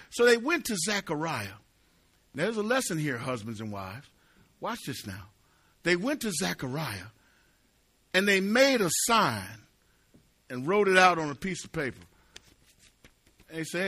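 Bright, high-voiced preaching man. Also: sing-song, normal speed, pauses often, husky. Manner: dramatic, swings from quiet asides to loud emphatic preaching with jokes. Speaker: pastor. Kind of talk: sermon.

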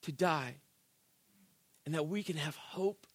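A man preaching a sermon in church, conversational and animated, often asking the congregation "right?" and swinging from shouted emphasis to soft, intimate delivery. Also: on the high side, takes it slowly, no echo. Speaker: pastor.

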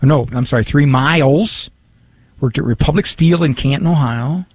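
A man's voice: mid-range voice, moderate pace, husky, no room sound. A man hosting a radio talk show in a studio, chatting casually and reading listener emails aloud with a self-deprecating humor.

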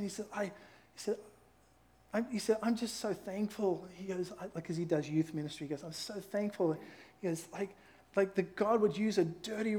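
Male pastor, middle-aged, warm storytelling sermon, voice sits a touch high. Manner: earnest, conversational storytelling with emphatic rises. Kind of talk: sermon with personal stories.

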